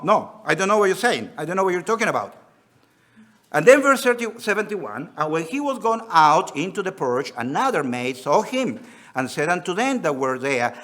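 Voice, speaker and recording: A man's voice: high-pitched, fairly bright tone. A man with a Spanish accent mixed with Australian, preaching a sermon. He reads scripture aloud and acts out the quotes in an earnest way. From Spanish-speaking country.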